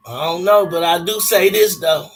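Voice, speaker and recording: A man's voice: sits high, moderate pace, faint music behind. A man telling a personal story casually, in blunt, profane street slang.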